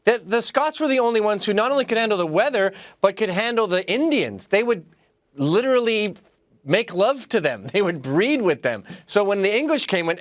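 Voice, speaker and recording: A man who is a guest in a casual talk, speaking in a boisterous, animated way and laughing often. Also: high voice, fairly quick, no room sound, studio quality. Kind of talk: casual chat.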